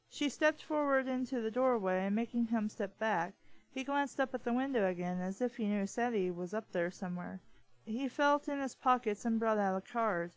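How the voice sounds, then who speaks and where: A woman's voice: a little high, moderate pace, no room sound, rough recording. Woman reading a novel with sarcastic asides. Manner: plain reading, mocking side comments. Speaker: book reviewer reading aloud.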